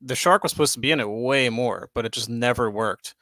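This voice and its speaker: A young man co-hosting a podcast, chatting loosely and excitedly, swearing freely and filling with "like" and "dude". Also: medium pitch, a little fast, no echo. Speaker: podcast co-host. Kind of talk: casual chat. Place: home studio, live stream.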